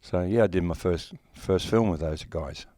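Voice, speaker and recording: A man's voice: low-pitched, normal speed, dark tone, no echo, clean studio sound. A man in his sixties with an Australian accent, a guest actor talking bluntly and joking, with plenty of swearing, in a casual interview. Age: 60s. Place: horror convention.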